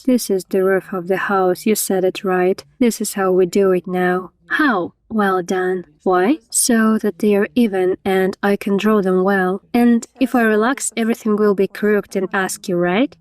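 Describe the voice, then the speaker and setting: Woman chatting thru a makeup session, lots of little questions, mid pitch, dry close sound. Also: a little mellow, dry recording. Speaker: vlogger reviewing a makeup artist. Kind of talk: dubbed conversational chat.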